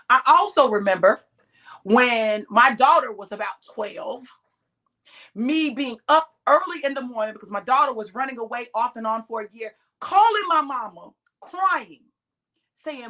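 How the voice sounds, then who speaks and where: A woman's voice: fairly high pitch, animated, normal speed, pushed and bright. A middle-aged woman preaching straight to her listeners, emphatic and direct, drawing out the words she stresses. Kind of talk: sermon-style exhortation.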